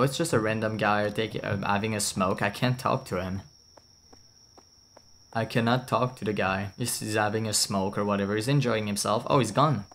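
A young man streaming a video game, chatting in a loose, joking way that rambles from thought to thought. His voice sits fairly low, and faint insect and cricket ambience from the game runs behind him. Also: a bit bright, slight background noise. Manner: jokey, rambling, swears, laughs often. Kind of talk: casual game commentary.

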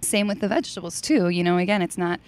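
An American woman talking casually as a podcast guest, chatty and quick to laugh. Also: fairly low pitch. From United States. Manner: chatty, laughs easily, teasing. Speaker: podcast guest, CrossFit coach. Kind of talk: casual interview chat.

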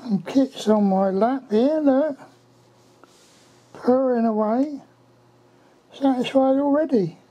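Woman on a home video, slow and higher-pitched, chatting lovingly to her animals indoors. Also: warm tone, dull audio. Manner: fond, coaxing baby-talk to animals. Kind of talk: casual home video talking to pets.

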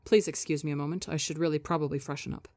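A woman's voice: low voice, flat delivery, very fast, darkish tone, no room sound. A woman voicing a politely formal young man who is a guest, in a storybook reading. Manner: courteous, formal.

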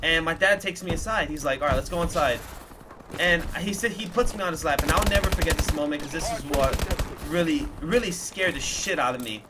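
A man's voice: fairly high pitch, a little fast, noisy background. A young man retelling a frightening childhood memory in a casual, emotional vlog style, with lots of fillers and swearing. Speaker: gaming YouTuber.

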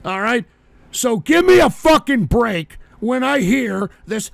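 A man hosting a call-in radio show, ranting in a loud, profane, mocking and belligerent way. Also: very high-pitched, big pitch swings, takes it slowly, vocal fry, no room sound. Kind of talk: combative call-in radio rant.

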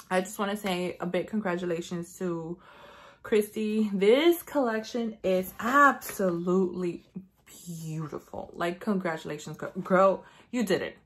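A woman beauty vlogger chatting casually, telling a rambling story full of "like" and acting out her own lines. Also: mid-range voice. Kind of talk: casual chat.

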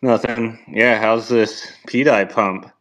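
A man's voice: lowish voice, steady tone, slow, a bit bright. A man speaking as a guest in a casual audio chat, laid-back and conversational.

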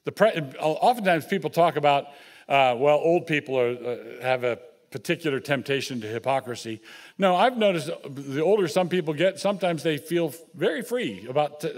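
A man's voice: on the high side, animated, moderate pace. An older man preaching a sermon as pastor, earnest and repetitive, turning at times to speak directly to children in the congregation.

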